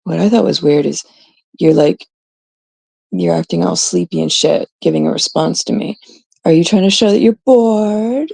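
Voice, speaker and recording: A middle-aged woman from Canada hosting her own live stream, blunt and exasperated, swearing as she talks to her chat. Her voice is dark and gravelly. It sits in a dry, close sound. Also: lowish voice, moderate pace, no room sound. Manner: blunt, exasperated, swears freely, quotes others mockingly. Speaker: livestream host. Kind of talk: casual live-stream rant.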